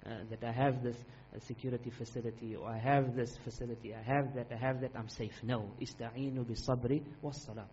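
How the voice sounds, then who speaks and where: A man delivers an earnest, emphatic sermon at a middling pitch, leaning on repetition and quick recitation of Arabic verses. The recording is dull and lo-fi, with a faint hum underneath. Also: fairly even intonation, a little mellow. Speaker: Islamic preacher.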